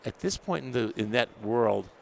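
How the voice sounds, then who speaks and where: An older New Yorker who edits dental technology content tells stories in a casual interview, speaking at normal speed in a creaky, mid-range voice. He animatedly acts out the people he quotes and laughs often, with a little hiss or hum and faint trade show ambience behind him.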